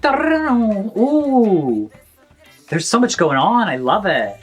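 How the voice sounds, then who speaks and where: A woman hosting a song reaction video, effusive and bursting into shouts, gasps and bits of singing along. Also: medium pitch, very animated, very slow, breathy edge. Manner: sings and hums along. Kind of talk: excited song reaction commentary. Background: faint music.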